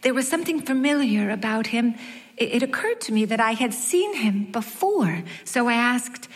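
A woman narrating her own story as an audiobook, wry and measured with light self-mockery. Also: fairly high pitch, animated. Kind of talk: first-person audiobook narration. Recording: long hall reverb.

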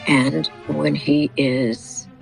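A woman quoting a vengeful female fairy casting a curse, slow and measured, with a gravelly edge. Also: deep voice, flat delivery, soft background music, heavily acted, rough recording. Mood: ominous.

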